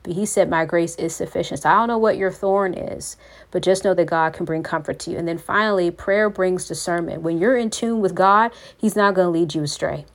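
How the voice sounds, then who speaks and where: A woman's voice: fairly low pitch, a little fast. A woman hosting a faith podcast, talking in an earnest, preachy way and calling her listeners "you all". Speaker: podcast host.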